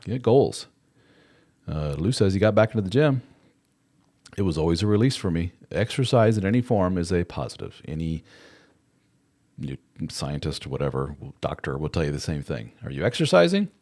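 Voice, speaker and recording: A man's voice: deep voice, sing-song, normal speed, a little mellow. A middle-aged man hosting a casual livestream, answering viewer comments in a frank, conversational way with the odd curse word. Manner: frank and conversational, with occasional swearing. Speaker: host answering viewer chat.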